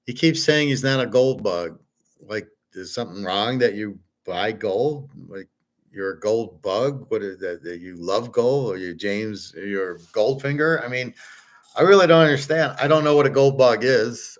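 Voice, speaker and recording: Rambling blunt male commentator. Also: fairly low pitch. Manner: rambling, blunt, joking asides. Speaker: host commentating on a played video. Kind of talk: casual commentary.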